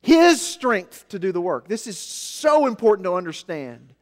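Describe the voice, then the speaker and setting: A man preaching a sermon, with animated delivery that swings between loud emphasis and soft, low asides. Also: unhurried. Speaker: pastor. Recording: long hall reverb.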